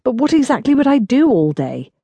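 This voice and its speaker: A woman reading an audiobook voices a dignified young gentleman with a mild, measured and dryly humorous way of speaking. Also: high voice, sing-song, breathy edge, dry recording, muffled recording, pitched above the performer's own voice, full character voice. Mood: wry.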